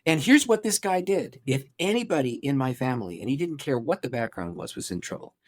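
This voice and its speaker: A man's voice: medium pitch, very animated, brisk. Pastor guy telling his life story, acts out quotes, voice swings up and down a lot. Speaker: pastor, interview guest. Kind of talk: personal storytelling in interview.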